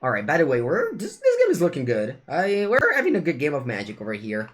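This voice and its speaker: A man's voice: on the high side, fast. A young man with an Italian accent chatting casually with viewers while streaming a card game. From Italy. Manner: chatty, animated, switches between English and Italian phrases.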